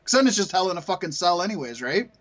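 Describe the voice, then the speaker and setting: A man's voice: sits high, very animated, fast, a bit bright, highs cut off. A man co-hosting a podcast, chatting casually, rambling and swearing with frequent laughter. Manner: rambling, profane, laughs often. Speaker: podcast co-host. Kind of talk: casual chat.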